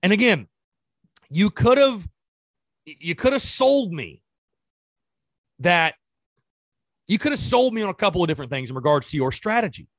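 A sports podcast host rants in exasperation during casual commentary, firing off rhetorical questions. His high voice has a sing-song, fairly bright quality, moving at normal speed with long pauses, and the sound is clean studio audio with no room sound.

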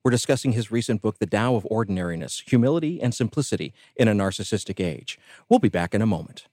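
A man hosting a radio interview show, speaking in a measured, clearly enunciated way into a studio microphone. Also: on the low side, animated, warm tone, dry recording.

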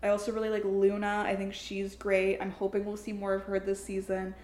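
A woman's voice: medium pitch, a little fast, slight background noise. A young woman co-hosting a podcast, talking casually about TV shows and peppering her sentences with "like". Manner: chatty, frequent "like" fillers, animated laughter. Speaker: podcast co-host. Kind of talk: casual chat. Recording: roomy echo.

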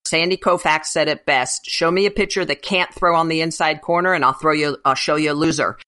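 A woman's voice: low-pitched, steady tone, fairly quick, bright, forceful tone, rough recording. A woman co-hosting a casual sports podcast who passes along folksy coaching sayings. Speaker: podcast co-host, former pitcher.

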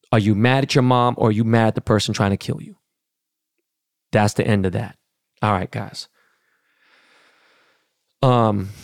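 Gravelly, blunt, profane male podcast host. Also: lowish voice, dry recording, clean studio sound. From Los Angeles, California. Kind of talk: casual rant.

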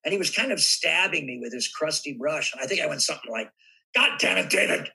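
An older man from Southern California tells stories as a podcast guest, lively and given to acting out bits of dialogue. His voice is very bright and forward, with a husky edge. He sits a little above the usual male pitch. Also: quick pace, low-quality recording. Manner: animated anecdotes with acted-out voices. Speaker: guest actor. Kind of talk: podcast interview storytelling.

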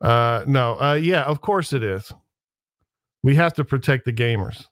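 A man chatting casually as a podcast guest, making playful deadpan jokes. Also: mid-range voice, unhurried, no room sound. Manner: joking, playful deadpan asides. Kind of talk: casual joking chat.

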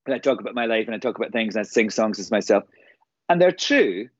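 Animated male performer telling anecdotes. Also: on the low side, fast, no echo, dull audio. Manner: animated storyteller, quoting others in other voices. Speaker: guest, singer and performer. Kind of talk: casual chat, anecdotes.

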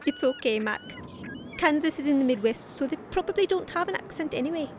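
A woman with an Irish accent, brisk and bossy in an audio drama. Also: high-pitched, expressive, noisy background. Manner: brisk, bossy, keeps a partner on task.

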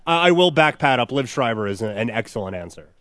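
A man's voice: medium pitch, lively intonation, fast, a bit bright, no room sound. A man on a casual sports talk show, joking in a modest way about his own skills.

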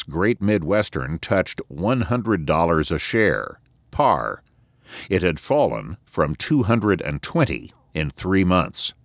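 A man narrating an audiobook in an expressive, measured storytelling manner, recorded on a close studio mic. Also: low voice, dry recording.

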